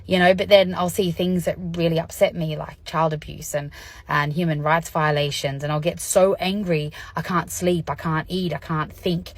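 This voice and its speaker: Low, husky-voiced woman vlogging. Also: flat delivery, normal speed, dry recording. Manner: candid, chatty, laughs often. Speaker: vlogger sharing personal experience. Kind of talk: casual educational talk to camera.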